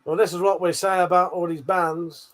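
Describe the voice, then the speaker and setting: A man's voice: high voice, fairly even intonation, normal speed. A man hosting a live stream, laughing and swearing as he reads out viewer comments. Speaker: livestream host. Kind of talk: casual live-stream chat.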